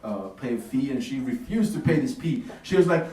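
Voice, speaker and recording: A man's voice: on the high side, expressive, brisk, hardly any pauses, darkish tone. A man doing a stand-up comedy set in a café, talking in a laid-back, swearing way with lots of fillers. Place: café stage with audience. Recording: roomy, distant, noisy room recording.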